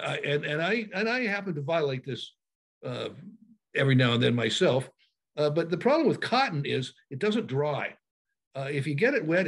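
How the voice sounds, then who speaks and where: A man presenting a packing talk in a webinar, speaking over a video call, halting with many fillers and restarts. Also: fairly high pitch, breathy edge.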